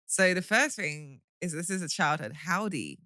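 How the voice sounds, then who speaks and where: A woman's voice: lowish voice, normal speed, pushed and bright, no echo, studio quality. A young British woman co-hosting a podcast, chatting casually in a playful, self-mocking way. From United Kingdom. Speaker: podcast co-host. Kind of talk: casual chat.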